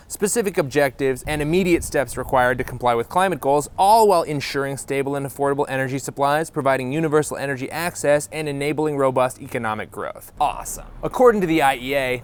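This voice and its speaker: Lively sarcastic male comedy explainer host. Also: a little high. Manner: sarcastic, jokey, mock-indignant asides.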